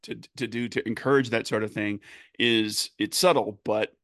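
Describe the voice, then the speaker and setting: A man with a lowish voice talks game design in loose, halting sentences, circling back and restarting as he thinks. The sound is dry and close, with no room around it. He keeps it conversational, like a podcast chat. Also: fairly even intonation, fairly bright tone, no room sound. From United States. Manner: halting, many restarts and fillers. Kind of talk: casual panel chat.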